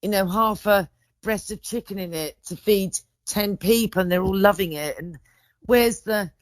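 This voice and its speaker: A woman's voice: medium pitch, normal speed, no echo. Rambling woman, dry sound. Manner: rambling, self-interrupting storyteller. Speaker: podcast guest. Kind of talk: casual chat.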